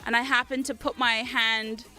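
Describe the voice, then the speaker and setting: A woman in her thirties chats on her livestream in a high, sharply bright voice. She rambles through stories with frequent giggles and answers chat aloud, with faint music playing behind her. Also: little pitch movement, normal speed. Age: 30s. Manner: chatty, giggly storytelling, reads chat aloud. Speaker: livestream host.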